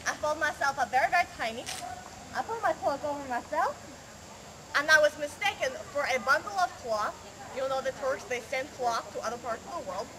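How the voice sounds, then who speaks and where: A woman doing a comic slackrope show at a renaissance faire, telling a tall tale with theatrical patter and teasing the audience. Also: high voice. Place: outdoor fair stage with a crowd. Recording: noisy outdoor crowd recording.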